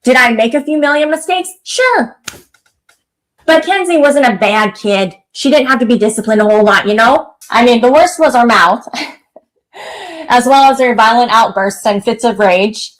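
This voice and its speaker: Woman doing a melodramatic mother, fake tears, sarcastic, higher voice. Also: expressive, normal speed, lightly acted, poor audio. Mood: mock-tearful. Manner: mock-tearful, sarcastic, overdramatic. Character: self-pitying middle-aged mother fake-crying. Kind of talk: comedic parody sketch.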